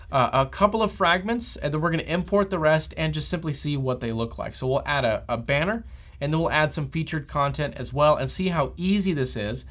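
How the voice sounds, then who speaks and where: A man's voice: on the high side, fairly bright tone. A man teaching a front-end developer lesson as a screencast, talking steadily and checking in with a frequent "okay?". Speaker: developer trainer. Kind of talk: software screencast tutorial.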